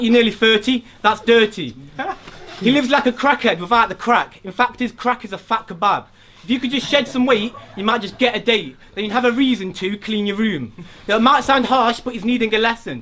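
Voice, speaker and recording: A man's voice: sits high, fairly quick, bright, forceful tone. A man from Derby performing at a live rap battle, firing mocking rhymed insults and laughing between lines. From Derby, England. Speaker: battle rapper. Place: live venue before an audience.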